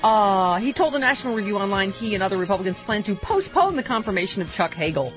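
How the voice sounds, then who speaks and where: A woman hosting a political talk radio show, bantering fast with lots of restarts and laughs. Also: medium pitch, sing-song, muffled recording, faint music behind. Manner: quick, laughing, restarts a lot.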